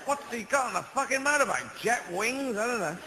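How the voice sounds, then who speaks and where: A man's voice: very high-pitched, expressive, fairly quick, bright, forceful tone, low-quality recording. A British man doing a stand-up routine on stage, rambling through surreal asides in front of a live audience. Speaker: stand-up comedian. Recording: live stage recording with crowd noise.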